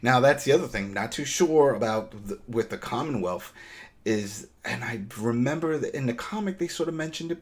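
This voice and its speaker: A man co-hosting a podcast, casually recapping a TV episode and animatedly acting out the characters' exchanges. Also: lowish voice. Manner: animated, acts out characters' exchanges in quoted voices.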